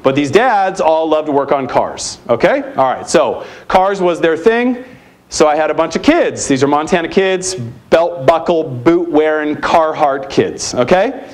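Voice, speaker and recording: Emphatic male conference speaker, higher-pitched. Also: measured pace. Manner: energetic, emphatic, challenging rhetorical questions. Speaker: keynote speaker at a youth ministry conference. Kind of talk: live conference talk. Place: conference center hall.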